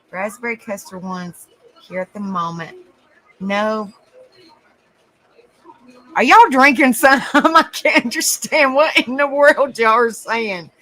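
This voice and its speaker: A woman's voice: mid-range voice, bright, forceful tone, rough recording. A woman with a Southern US accent, hosting a casual live stream, chatty and giggly as she greets viewers by name. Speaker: livestream host.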